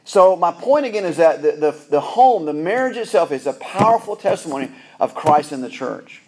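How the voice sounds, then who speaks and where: A middle-aged man preaches to his congregation in a somewhat high voice. He is earnest and often doubles back, repeating a word before he finds the rest of his sentence. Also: animated, normal speed, a little mellow. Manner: earnest, repeats words and restarts phrases. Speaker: pastor. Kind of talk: sermon.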